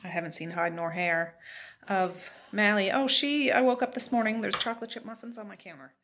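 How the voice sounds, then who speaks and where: Speaking fairly quickly in a mid-range, slightly bright voice, a middle-aged woman from Nova Scotia, Canada, shares a casual day-in-the-life chat. The mother and vlogger sits in a rocking chair at home and rambles through stories with lots of fillers.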